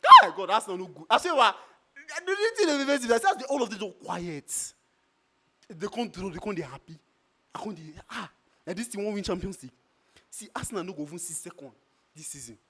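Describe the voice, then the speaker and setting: A man with a Nigerian Pidgin English accent gives a heated, repetitive football fan rant. His voice sits very high and swings widely in pitch. It has a bright, sharp edge. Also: big pitch swings, brisk. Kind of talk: street fan reaction rant.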